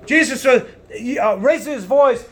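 A man preaching a sermon in a loud, emphatic way, swinging between booming lines and hushed ones. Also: unhurried.

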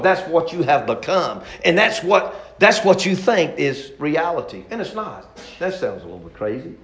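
A man preaching a sermon in a folksy drawl, his delivery swinging between easy talk and loud shouting. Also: mid-range voice, reverberant.

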